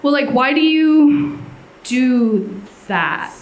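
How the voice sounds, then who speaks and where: A woman's voice: sits high, expressive, extremely slow, poor audio. A stand-up comedian, a woman from Chicago, talking hesitantly with lots of ums during a live set.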